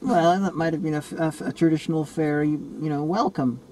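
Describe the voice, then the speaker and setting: A man in casual film review chat, rambling and animated, often restarting his sentences. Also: on the high side, quick pace, a little hiss or hum, poor audio. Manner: rambling, animated, self-correcting.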